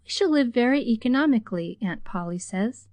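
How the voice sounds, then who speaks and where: An earnest, tearful teenage girl, as a woman narrator puts her on, pleading in a high, eager voice. Her lines come dry and close, read for an audiobook. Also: animated, a little fast, darkish tone, dry recording, lightly acted.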